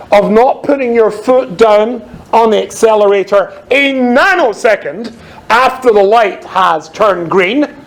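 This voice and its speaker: A Scottish man, a rabbi, telling funny stories in a talk with a dry, wry delivery. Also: sits high. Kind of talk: humorous storytelling talk.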